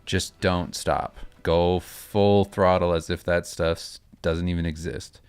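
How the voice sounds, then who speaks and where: A man with a deep, smooth, resonant voice gives earnest advice in a casual chat. He talks in a loose, halting way, and the sound is close and dry. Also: little pitch movement, no echo, faint music behind. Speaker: artist streamer.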